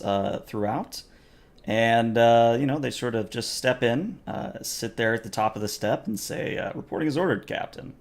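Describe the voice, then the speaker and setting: A man narrating a tabletop game as game master, in a relaxed, filler-heavy way. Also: medium pitch.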